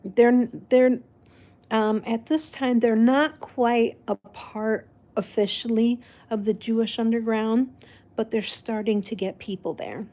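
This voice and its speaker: A woman whose first language is Spanish, chatting casually and rambling warmly with frequent restarts and laughs. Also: a little high, fairly even intonation, slow pace. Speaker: vlog host. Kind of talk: casual chat.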